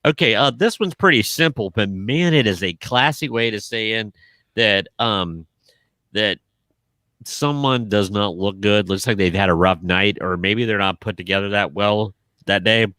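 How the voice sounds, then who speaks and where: A man with a lowish voice co-hosts a podcast at a moderate pace, recorded dry and at studio quality. His talk is casual chat full of animated storytelling and frequent laughter.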